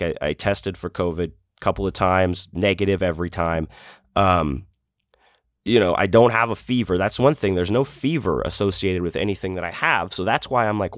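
Sick male podcast host, middle-aged, low scratchy voice, dry close sound, rambling and profane. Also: dry recording. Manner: rambling, profane, self-deprecating. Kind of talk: casual solo podcast chat. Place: home office desk.

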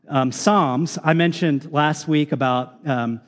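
Pastor, young man, earnest sermon delivery with ums; slightly high voice, reverberant sanctuary. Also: takes it slowly. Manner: earnest, reads scripture aloud with many ums. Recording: long reverb of a large hall.

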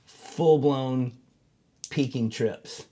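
A man's voice: medium pitch, extremely slow, slight background noise. A man, owner of a tattoo shop, telling stories in casual chat, swearing freely and acting out the voices of people he quotes. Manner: animated storyteller, acts out quoted voices; swears freely, many fillers.

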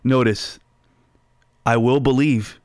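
A male pastor delivering a sermon at a slow, unhurried pace. He reads scripture aloud and then explains it line by line. His voice sounds close and dry, with little room echo. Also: mid-range voice, fairly even intonation, darkish tone.

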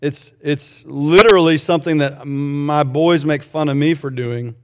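A male pastor delivers a sermon in a relaxed, conversational way. His voice sits fairly high, and he breaks off for joking asides to the people in the pews. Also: a little slow, noisy background.

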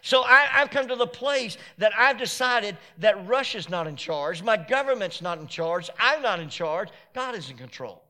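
High-pitched preaching man, emphatic. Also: expressive, normal speed, few pauses. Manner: emphatic and repetitive, building to shouted climaxes. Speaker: pastor. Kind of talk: sermon.

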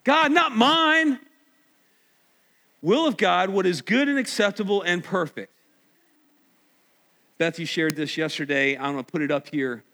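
A man preaching a sermon as pastor, emphatic and at times near shouting. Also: on the high side, normal speed, pauses often. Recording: echoey hall.

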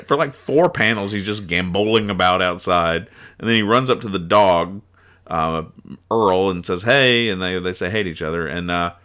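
A man's voice: low-pitched, moderate pace, fairly bright tone, smooth. A male podcast host casually reviewing newspaper comics with rambling, sarcastic asides and chuckles.

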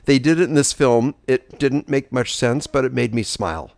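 A man's voice: mid-range voice, moderate pace, creaky, a little mellow. Agreeable mid-voiced podcast co-host man. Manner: agreeable, often echoes and rephrases his partner. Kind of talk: casual film podcast chat.

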